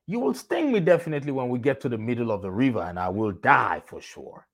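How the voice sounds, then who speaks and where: A man's voice: medium pitch, sing-song, quick pace. A man voicing a frightened, trusting male frog in a told fable, with alarmed, pleading questions. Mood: worried.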